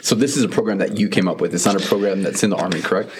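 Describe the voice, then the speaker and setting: A man interviewing on a podcast, asking brisk, direct questions. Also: low-pitched, a little hiss or hum.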